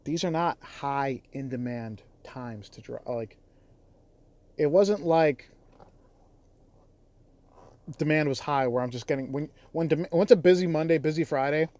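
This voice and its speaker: A man's voice: on the high side, measured pace, pauses often, a little mellow. A man who drives for a rideshare app, talking in a casual vlog with a heated, exasperated, profane delivery. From Chicago area.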